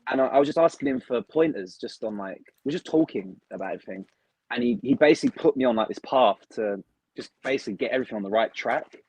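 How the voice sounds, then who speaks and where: A young man from the UK, a wrestler talking casually and excitedly in an interview, with lots of "like" fillers. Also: medium pitch, fast talker, breathy edge, no echo, rough recording. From United Kingdom. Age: young adult. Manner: chatty, excitable, heavy use of "like". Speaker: wrestler, guest.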